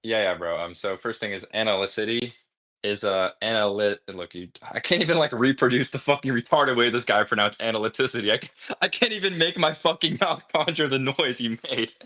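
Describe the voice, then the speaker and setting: A man debating online in a rush of words, his voice bright and forceful. He is aggressive and profane and mocks his opponent at every turn. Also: mid-range voice, brisk.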